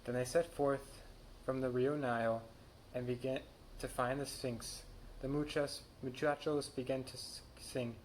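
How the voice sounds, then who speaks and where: A young man reading a children's picture book aloud, with lively character voices and small stumbles. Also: medium pitch, measured pace, a little hiss or hum. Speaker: camp storyteller.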